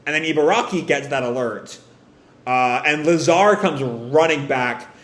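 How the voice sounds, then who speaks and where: A man doing a live read-through of a comic and reacting to it in a casual, animated way, swearing freely. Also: a little high, measured pace, reverberant.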